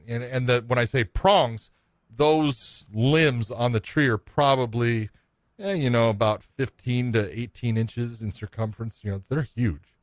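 Middle-aged man, casual profane storyteller, mid pitch, dry sound. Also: dry recording. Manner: rambling, profane, self-mocking.

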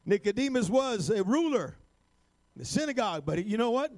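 A man preaching a sermon, building to shouted, rhythmic refrains and sprinkling his lines with "amen" and "uh". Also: high-pitched, big pitch swings, normal speed.

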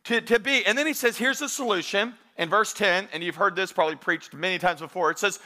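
This sermon comes from a pastor whose voice is high, bright, and clear, with a forward quality. He keeps things brisk and casual while addressing his church, putting strong emphasis on the scriptures he quotes.

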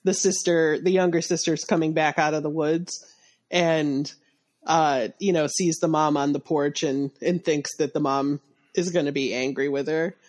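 A congested woman co-hosting a casual podcast about a short story, talking on a close boom mic with a slight lisp and many laughs. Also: fairly even intonation, moderate pace, a little mellow. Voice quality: slight lisp, spitty sibilants. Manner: chatty, laughs often, many restarts. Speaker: podcast co-host. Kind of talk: casual book discussion.

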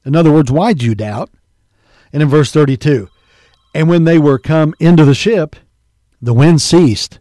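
A man preaching with earnest conviction, reading King James scripture and explaining it to his congregation. His voice sits slightly high for a man. The sound is close and dry. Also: moderate pace, pauses often, warm tone, no echo. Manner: addresses listeners as folks and believer. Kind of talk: sermon.

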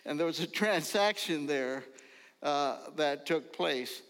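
Slow gravelly older preacher in a hall. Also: male voice, a little high. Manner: slow storytelling, bursts into loud ringing calls. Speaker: pastor. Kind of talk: folksy sermon with stories. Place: church sanctuary. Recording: long reverb of a large hall.

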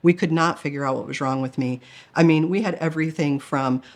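A woman's voice: deep voice, fairly quick. A middle-aged woman candidly telling a personal story in a testimony style, earnest with flashes of self-mocking humor. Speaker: guest telling a near-death experience.

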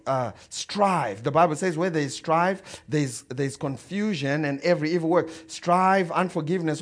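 A man preaching a sermon as a story, animated and swinging between loud and quiet, chuckling as he goes. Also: on the high side. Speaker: pastor.

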